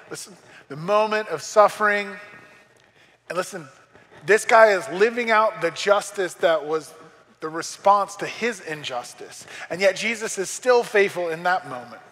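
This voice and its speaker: A man's voice: high voice, a bit bright, long reverb tail, a little hiss or hum. A man preaching a sermon as pastor, in a conversational style with joking asides. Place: church sanctuary.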